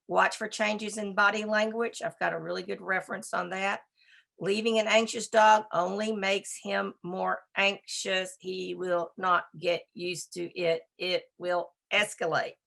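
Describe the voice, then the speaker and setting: Woman giving a talk on dogs, emphatic and chatty, kinda gravelly, sharp bright tone. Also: mid-range voice. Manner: brisk, emphatic, conversational; talks to a slide assistant. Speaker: dog behavior speaker. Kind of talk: presentation lecture.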